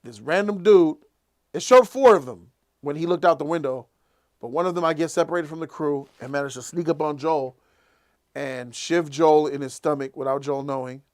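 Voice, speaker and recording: A man hosts a casual live after-show, talking through an episode with a slightly high voice. He retells scenes with energy, dropping into the characters' lines as he goes. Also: normal speed. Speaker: show host.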